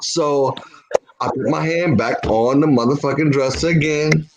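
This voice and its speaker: A man's voice: fairly high pitch, measured pace, a little hiss or hum, rough recording. Profane, rambling man. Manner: profane, peppers speech with "whatever". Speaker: podcast co-host. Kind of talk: casual storytelling.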